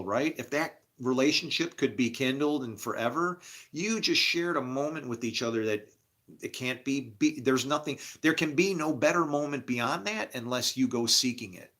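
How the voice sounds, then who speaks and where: Bright-voiced rambling middle-aged man. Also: mid-range voice. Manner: rambling, candid, laughing often. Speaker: podcast host. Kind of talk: casual personal monologue.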